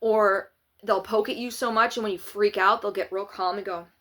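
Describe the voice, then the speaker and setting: A woman's voice: medium pitch, moderate pace. Sarcastic woman vlogging politics. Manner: opinionated, sarcastic, animated. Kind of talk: casual political commentary.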